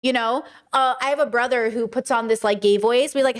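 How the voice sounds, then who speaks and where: Young woman host for a casual stream; chatty and animated, sits a little high, lapses into imitated voices. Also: fairly quick. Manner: animated, chatty, often mimics voices mid-story. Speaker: livestream host. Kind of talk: casual livestream chat.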